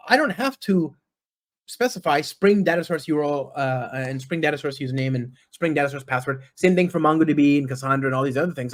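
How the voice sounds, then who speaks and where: A man giving a live-coding tech talk at a conference, chatty and enthusiastic, often checking in with the audience. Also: a little high. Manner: chatty, frequent tag questions. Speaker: conference speaker.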